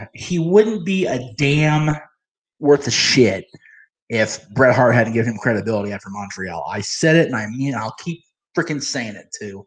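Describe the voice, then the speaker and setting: A man's voice: mid-range voice, a bit bright. A man hosting a live wrestling watch-along, ranting bluntly with profanity and laughing often. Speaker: host.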